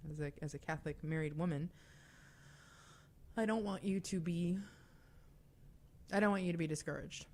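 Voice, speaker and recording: A woman's voice: low voice, gravelly, a little mellow. A young woman hosting a call-in radio show, talking in a chatty, confiding way with fillers and asides. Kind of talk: casual call-in radio talk.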